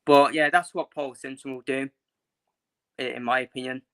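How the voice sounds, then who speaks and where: Steady and clean in tone, this medium-pitched male voice moves at a moderate pace. It belongs to a young football fan vlogger ranting casually about his opinions, frustrated and blunt, swearing and saying things more than once.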